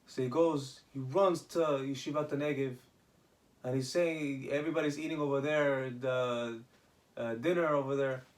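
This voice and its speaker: A man's voice: mid-range voice, fairly even intonation, moderate pace. A man casually telling a religious story, often restarting his sentences. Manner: retells with acted quoted dialogue and many restarts.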